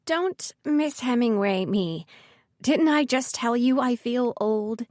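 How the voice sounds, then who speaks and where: A woman voicing a lively, dramatic woman in her thirties, a former singer, in an audiobook. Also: fairly high pitch, a little slow, dry recording, clean studio sound, voice pushed up, lightly acted. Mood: exasperated. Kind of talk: audiobook character voice.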